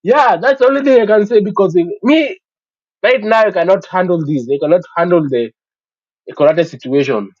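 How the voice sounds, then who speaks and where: A man with a fairly high voice talks football in a casual, emphatic way, sure of his opinions and leaning on "you know" as he goes. The sound is muffled and lo-fi. It is very dry, with no room around it. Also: a little fast, darkish tone, no room sound. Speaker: sports talk stream host.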